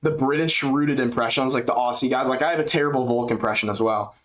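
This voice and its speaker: A man's voice: medium pitch, fast talker, fairly bright tone, poor audio. An American man hosting a casual fight-companion livestream, talking in a loose, slangy, rambling way and laughing often. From United States.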